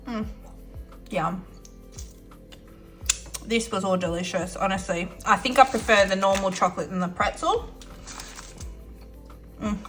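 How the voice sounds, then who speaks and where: Australian woman, budget vlogger, bright forceful voice, gushing, giggly, over soft music. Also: mid-range voice, normal speed, long pauses. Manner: chatty and effusive, giggly, talks while eating. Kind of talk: casual chat to camera.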